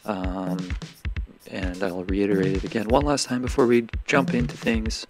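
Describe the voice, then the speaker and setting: A man hosting a podcast who talks in a rambling, excitable way and swears now and then. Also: fairly low pitch, moderate pace. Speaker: podcast host. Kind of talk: casual monologue. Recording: music playing behind the voice. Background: music.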